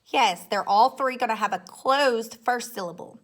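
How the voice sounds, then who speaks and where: A woman's voice: a little high, normal speed, a bit bright. Female teacher, recorded grade-school lesson; patient, methodical, checks in often. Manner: patient, explains step by step, frequent "okay?" checks. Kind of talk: recorded classroom phonics lesson.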